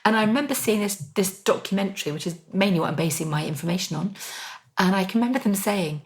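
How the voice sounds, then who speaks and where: In a medium-pitched voice and at a fast clip, a middle-aged podcast co-host chats eagerly and casually, as if around a kitchen table. Her speech is sprinkled with frequent "um"s.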